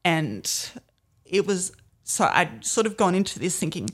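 A woman as a podcast guest, telling a personal story in a soft, reflective way with many fillers. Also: on the low side, very animated, unhurried, breathy edge. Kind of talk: personal storytelling in a casual chat.

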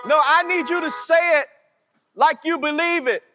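A man's voice: extremely high pitch, bright, forceful tone, long reverb tail. A man preaching a sermon as pastor, drawing out his words and calling the congregation to answer back. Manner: slow, drawn-out preaching with call-and-response.

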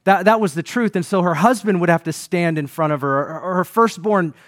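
A man's voice: sits high, brisk, dry recording, clean studio sound. A man preaching a sermon as pastor, building emphasis and calling on the congregation to respond.

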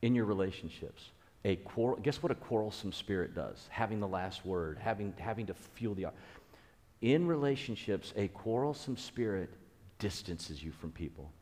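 A man's voice: lowish voice, expressive, normal speed, darkish tone. Man, pastor, conversational sermon, earnest, repeats himself, long hall reverb. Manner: earnest, repeats key phrases, frequent restarts.

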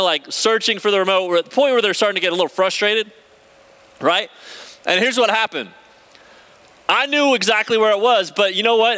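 A young man preaching a sermon, telling personal stories in a conversational, animated way and reading scripture aloud. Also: sits high, clear, resonant tone. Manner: storytelling, conversational, animated retelling.

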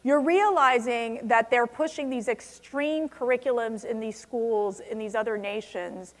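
A woman's voice: fairly high pitch, measured pace. A woman giving a passionate speech to a conference audience, stressing words hard. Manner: passionate, emphatic, rising to strong stresses. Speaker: conference speaker. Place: large convention hall. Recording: long hall reverb.

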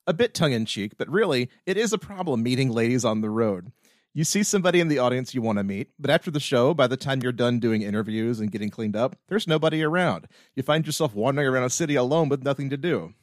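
A man co-hosting a casual podcast, with a mid-pitched voice and a dry, wry way of commenting. His delivery is relaxed and conversational. The sound is close, with no room echo. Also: fast talker. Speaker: podcast co-host. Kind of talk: casual chat.

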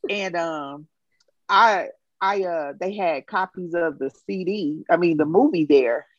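A woman telling a personal story in a casual, animated way and acting out the quotes. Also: lowish voice, measured pace, no room sound, lo-fi sound. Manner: animated, acts out quotes, emotional.

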